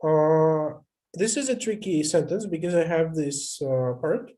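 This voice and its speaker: An instructor gives a live online lecture with screen sharing, teaching hesitantly over a video call. His voice is a little high, animated and warm, and he speaks a bit slowly, thinking aloud with frequent hesitations and restarts.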